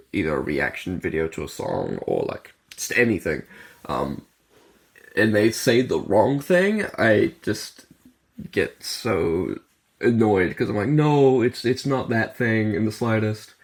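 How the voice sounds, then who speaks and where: Gravelly low-voiced man rambling. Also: sing-song, unhurried. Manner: rambling, explains at length with many fillers. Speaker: podcast co-host. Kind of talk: casual chat.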